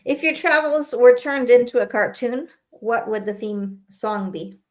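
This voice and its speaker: A woman co-hosting a casual live chat, speaking a little higher than most. She asks questions and keeps her replies brief and encouraging. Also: measured pace. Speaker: co-host asking questions.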